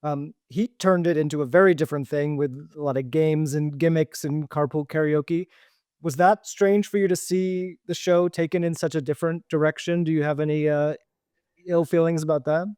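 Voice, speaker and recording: A male podcast host with a fairly high, smooth, resonant voice. He asks measured questions dotted with ums, and the sound is dry and close to the mic. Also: steady tone, a little mellow, no room sound. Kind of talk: podcast interview.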